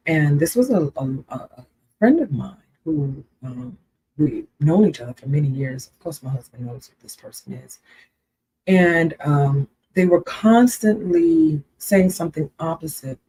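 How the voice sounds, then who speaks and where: A woman's voice: deep voice, normal speed, warm tone, breathy edge, poor audio. A woman co-hosting a casual livestream chat, earnest and repeating herself for emphasis. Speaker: co-host.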